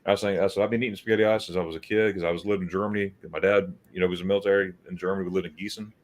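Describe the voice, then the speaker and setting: A man from the United States chats casually as a livestream host. His voice sits low, and he tells his stories loosely, stumbling over repeated words and playing out the lines of the people in them. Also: steady tone, rapid-fire. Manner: storytelling, repeats words, acts out quotes.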